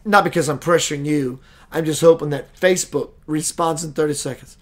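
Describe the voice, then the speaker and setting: Animated high-voiced man hosting a live show. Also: a little fast. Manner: animated storyteller, acts out quoted voices, reads out viewer names. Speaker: spiritual talk show host. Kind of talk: casual live-stream monologue.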